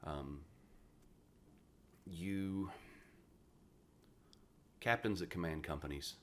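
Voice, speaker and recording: This podcast guest is a man in his forties, a retired Marine from West Virginia, USA, whose voice sits low and moves extremely slowly. In casual interview storytelling, he is blunt, profane, and animated.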